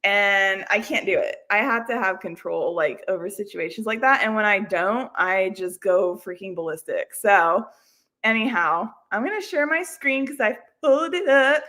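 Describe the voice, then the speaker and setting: With a medium-pitched, sharp-toned voice, a livestream host chats animatedly at a moderate pace. She wanders from topic to topic, laughing often and making fun of herself.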